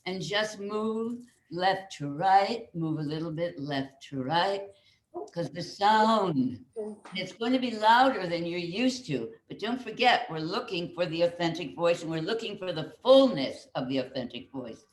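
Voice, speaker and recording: Older female voice coach, energetic and coaxing, heard over a video call. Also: fairly low pitch, a little slow. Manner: coaxing, energetic, repeats instructions. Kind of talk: leading a group vocal warm-up.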